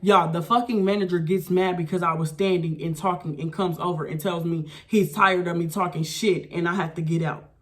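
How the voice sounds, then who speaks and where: Woman, blunt profane storytime vlog, animated rant. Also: on the low side, a little fast, few pauses. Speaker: vlogger.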